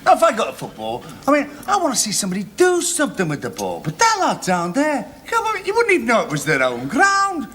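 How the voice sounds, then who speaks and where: A proud northern English football supporter with a northern accent, teasing and arguing back. His voice is bright and sharp, and it sits high for a man. It swoops wildly up and down as he argues. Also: huge pitch swings, fairly quick, few pauses, a little hiss or hum, exaggerated voice. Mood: combative. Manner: combative, teasing, bursts of shouting. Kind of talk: 1970s television sitcom acting.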